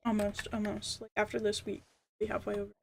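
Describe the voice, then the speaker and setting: A woman's voice: medium pitch, completely flat delivery, fast, creaky, a little hiss or hum. A young adult woman streaming a game, chatting casually and rambling with lots of fillers. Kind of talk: casual chat while gaming.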